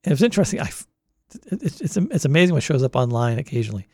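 In a rambling oral history interview, a Boston-area man in his sixties recalls his long stint volunteering at a college radio station, often restarting his sentences. His medium-pitched voice is sing-song, fast, a little mellow and breathy, captured in studio quality with no room sound.

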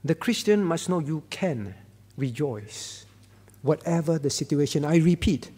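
A man with a high voice preaches a sermon in a church, with his words ringing out in a long hall reverb. He is emphatic, repeats his key words and swings from quiet, low lines to loud ones. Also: animated, measured pace, breathy edge. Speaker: pastor. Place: church sanctuary.

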